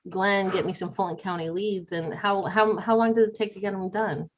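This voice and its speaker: A woman's voice: medium pitch, steady tone, moderate pace, background noise. A woman hosting a casual video interview, chatty and full of fillers. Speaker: host of a Medicare agent group. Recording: dull lo-fi audio.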